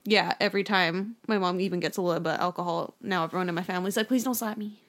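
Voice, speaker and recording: A young woman, co-hosting a casual podcast chat, telling animated stories and swearing freely. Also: on the low side, racing. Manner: animated storyteller, swears, acts out voices. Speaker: podcast co-host.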